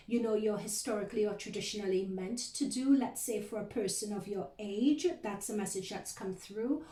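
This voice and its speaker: A woman's voice: medium pitch, dark tone. A woman giving a recorded tarot reading to her viewers, talking earnestly and rambling a little as she speaks straight to them as "you guys". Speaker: tarot reader. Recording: roomy echo, voice distant from the mic.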